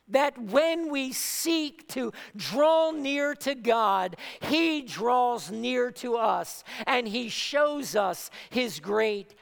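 Woman preacher, sermon, emphatic repetition, gravelly voice, long hall reverb. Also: on the high side, fairly bright tone.

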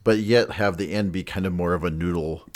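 A man co-hosting a fishing podcast in casual chat, easygoing and quick to laugh. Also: sits low. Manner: giggly, easygoing, laughs often. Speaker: podcast co-host.

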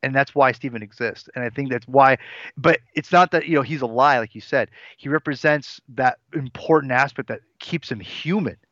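A man's voice: medium pitch, normal speed, fairly bright tone, dry recording. A man in his forties co-hosting a podcast, talking in an earnest, rambling way with many restarts. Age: 40s. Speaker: podcast co-host. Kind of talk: casual podcast discussion. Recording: dull lo-fi dry sound.

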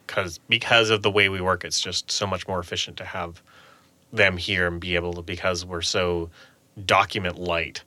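A man's voice: low-pitched, moderate pace, no echo. A man who runs a game studio, chatting casually on a podcast and acting out quotes with a raised voice. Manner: animated, acts out quotes in a raised voice. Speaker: game studio lead who hires contractors.

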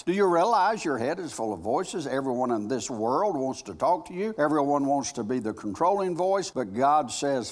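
A male pastor preaching a sermon, telling a story dramatically and moving between loud and hushed delivery. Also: a little high, animated, moderate pace, hardly any pauses. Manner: dramatic storytelling with big swings in loudness. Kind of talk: sermon with a retold personal story.

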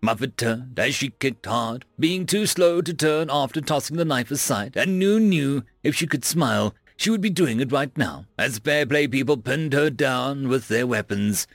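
A man narrating a fantasy story in an expressive storytelling manner. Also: mid-range voice, normal speed, hardly any pauses, dry recording, clean studio sound.

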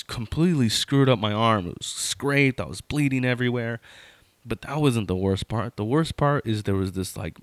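A man in his thirties spins a casual story, circling back and restarting often. His voice sits on the low side, and the recording is dry and close with no room sound. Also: no echo. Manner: rambling, lots of fillers and restarts.

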